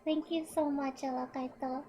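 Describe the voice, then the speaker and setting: A woman streams a game live, reading the narration and gushing over her viewers. Her voice sits high and bright, with the slightly thick edge of a morning voice and allergies, and soft music plays faintly underneath. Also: steady tone, moderate pace. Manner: bubbly, effusive with viewers.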